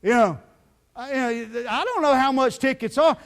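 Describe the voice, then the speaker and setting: A man preaching a sermon as pastor, telling the story in a lively, folksy way full of "you know" fillers. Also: very high-pitched, normal speed. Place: church sanctuary.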